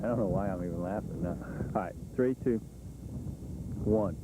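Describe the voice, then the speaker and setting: A man's voice: lowish voice, measured pace, long pauses, mellow. A man doing repeated on-camera reporter takes, counting down, cursing under his breath and cracking up. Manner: counts down takes, breaks into giggles, swears. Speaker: TV news reporter. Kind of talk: on-camera stand-up outtakes. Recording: noisy 1980s field tape.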